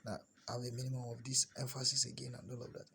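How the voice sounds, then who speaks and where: A man's voice: medium pitch, completely flat delivery, rapid-fire, creaky, bright, forceful tone, a little hiss or hum. A man from Nigeria, walking viewers through a university application on screen. He repeats key words for emphasis and often restarts his phrases. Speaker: scholarship application guide. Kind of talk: screen-share walkthrough.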